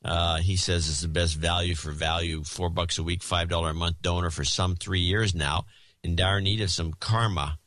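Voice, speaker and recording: A man with a low voice and a bright, forceful edge works through a list of donors with dry, sardonic asides. The sound is close and dry. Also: normal speed, dry recording. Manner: dry, sardonic, reads names and amounts in a steady rhythm. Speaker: podcast co-host. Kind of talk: casual chat, reading donor list.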